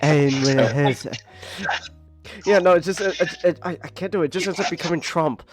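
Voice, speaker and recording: A man's voice: high-pitched, fairly even intonation, quick pace, soft background music. A man hosting a casual live podcast stream, laughing often and teasing his co-hosts. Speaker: podcast host.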